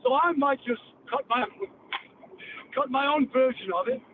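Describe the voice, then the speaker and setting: Brash Cockney podcast host. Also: male voice, very high-pitched, steady tone, moderate pace. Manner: brash, profane storyteller. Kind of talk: rambling podcast monologue. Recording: tinny phone-like line, faint hiss.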